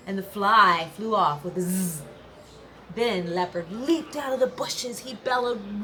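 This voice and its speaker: A woman teacher reading a folk tale aloud, lively, with playful sound words. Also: mid-range voice, normal speed, a little hiss or hum. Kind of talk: storybook read-aloud.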